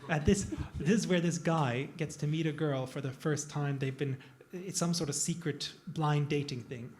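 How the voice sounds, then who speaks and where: A man's voice: on the high side, fairly even intonation, moderate pace. A man, a plastic surgeon, talking casually on a panel to a live audience, digressive and self-deprecating. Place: event room with an audience.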